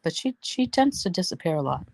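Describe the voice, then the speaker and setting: A woman's voice: fairly low pitch, sing-song, fairly quick, vocal fry, darkish tone. A woman hosting a casual live stream, talking straight to her viewers and telling stories bluntly with plenty of swearing. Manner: blunt, swears freely, venting; chatty storyteller, talks to viewers. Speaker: livestream host.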